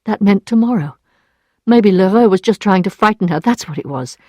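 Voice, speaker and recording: A woman reads a story aloud in clear, even narration for learners. Her voice sits at a middle pitch. The recording is dry and close. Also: moderate pace, no echo. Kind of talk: scripted narration for English learners.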